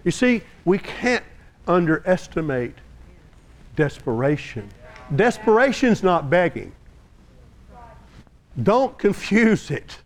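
A man preaching a sermon, swinging from hushed storytelling to loud shouting and often repeating and restarting his words. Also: sits high, big pitch swings, takes it slowly, long pauses.

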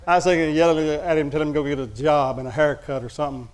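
A man's voice: a little high, steady tone, very fast, clear, resonant tone. A male pastor preaching a sermon, telling a personal story in a folksy, candid, humorous way to his congregation.

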